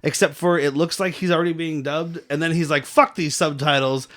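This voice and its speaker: A man's voice: a little high, flat delivery, brisk. A man co-hosting a bad-movie podcast, recapping scenes in a rambling way with frequent swearing. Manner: rambling, laughs often, swears. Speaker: podcast co-host. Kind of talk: casual movie-review chat.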